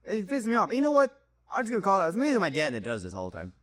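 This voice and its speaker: A young man co-hosting a podcast in casual chat. He tells animated stories, and his voice jumps high when he gets worked up. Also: racing, dry recording, clean studio sound. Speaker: podcast co-host.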